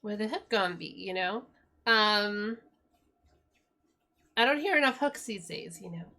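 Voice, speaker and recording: Bright-voiced British woman chatting on stream. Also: mid-range voice, animated, unhurried. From Britain. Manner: chatty, giggly, lots of fillers. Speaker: music streamer. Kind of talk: casual live-stream chat.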